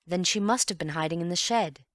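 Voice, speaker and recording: A woman reading an audiobook and voicing a calm, wry gentleman amateur detective who reasons in an unhurried, teasing way. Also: on the low side, dry recording, studio quality, natural voice. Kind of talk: audiobook character voice.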